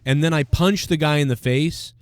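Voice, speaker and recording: A man's voice: fairly high pitch, normal speed, dry recording. Rambling male livestream host, dry sound. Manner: rambling, filler-heavy, thinking aloud. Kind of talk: casual live Q&A chat.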